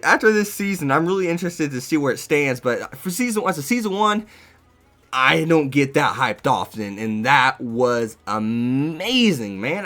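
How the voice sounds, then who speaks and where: A man giving a casual, excited, rambling review of an anime episode, laughing often. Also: fairly high pitch.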